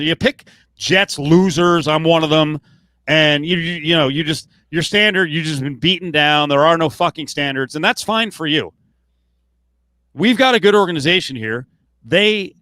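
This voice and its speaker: A man's voice: a little high, sharp tone, no echo. A man co-hosting a late-night sports podcast, ranting with heated, profane outbursts. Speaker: podcast co-host.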